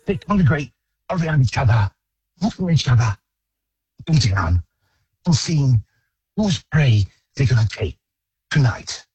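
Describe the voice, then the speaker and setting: A grave old nature-documentary narrator, as a male caller puts him on, breathy and hushed with a slow measured delivery. The voice is very husky and lively in pitch. It sounds dry. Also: no echo, exaggerated voice. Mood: solemn.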